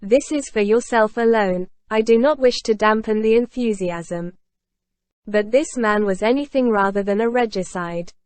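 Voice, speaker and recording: A wry young male student speaks in a quiet, confiding aside, voiced plainly by a woman narrating a classic novel. The voice stays at a middle pitch. The recording is close and dry. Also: moderate pace, dry recording, lightly acted.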